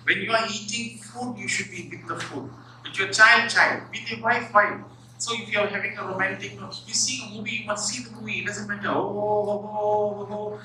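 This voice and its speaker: Male motivational speaker, high bright voice, lively storytelling, recorded far off in a reverberant lecture hall. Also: a little fast, slight background noise. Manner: animated, humorous storytelling, acts out little scenes. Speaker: professor giving a public talk. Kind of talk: motivational talk. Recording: echoey hall, far from the mic.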